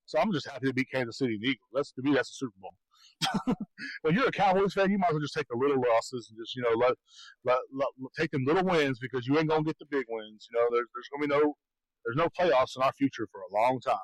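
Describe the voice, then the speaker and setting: A man's voice: medium pitch, fast, dry recording, poor audio. A man co-hosting a podcast, telling rambling stories in casual chat and laughing often. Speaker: podcast co-host.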